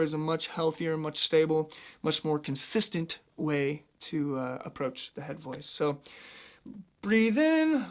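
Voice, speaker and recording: A male vocal coach from central Illinois, talking through a singing lesson in a loose, chatty way. He explains technique plainly and slips easily into light, high demonstrations of head voice.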